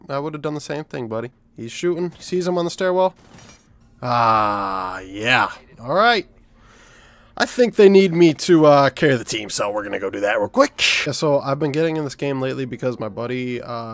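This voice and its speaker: A young man giving live commentary over a shooter game, swearing often and swinging from low mumbling to loud yelling. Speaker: gaming YouTuber.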